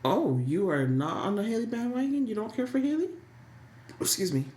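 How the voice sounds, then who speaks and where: A woman co-hosting a casual soap opera recap, telling stories in a lively, sassy way with frequent laughs. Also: mid-range voice, normal speed, echoey room, a little hiss or hum. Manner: animated, laughing, sassy storytelling. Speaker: podcast co-host.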